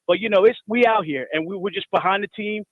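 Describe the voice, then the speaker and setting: High male caller on a tinny phone line. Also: fast talker, no echo. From New Jersey. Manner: heartfelt, stumbling. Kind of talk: phone-in call.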